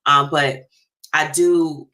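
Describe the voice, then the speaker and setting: Low-voiced chatty woman host. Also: extremely slow. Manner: chatty, animated, addresses listeners directly. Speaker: talk show host. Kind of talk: casual chat to listeners.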